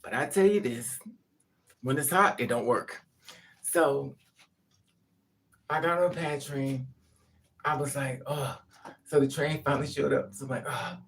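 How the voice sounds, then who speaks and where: A woman's voice: rumbling low, measured pace, pauses often. A woman vlogger telling a rambling, profane story in casual chat to her viewers.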